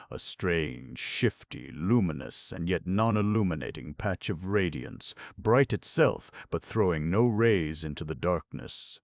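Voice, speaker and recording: A man narrating a ghost story in a measured, dramatic reading. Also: a bass voice, no room sound, clean studio sound. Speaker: audiobook narrator.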